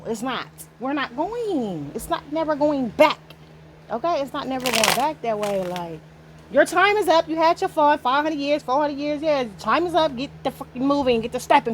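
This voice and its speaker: Woman, tarot reader, fairly high voice, casual spiritual reading, emphatic, profane, slangy. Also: animated, moderate pace, slight background noise. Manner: emphatic, slangy and profane, talks straight to the viewer.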